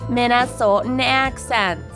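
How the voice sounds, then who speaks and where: Woman podcast cohost, slow wry chat, highish voice. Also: a bit bright, faint music behind. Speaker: podcast co-host. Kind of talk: casual chat.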